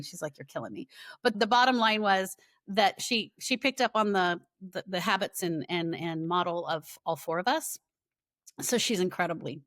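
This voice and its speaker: A middle-aged woman, a guest author, telling lively stories in a casual podcast chat. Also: fairly low pitch, dry recording, clean studio sound. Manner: lively storyteller, animated quoting.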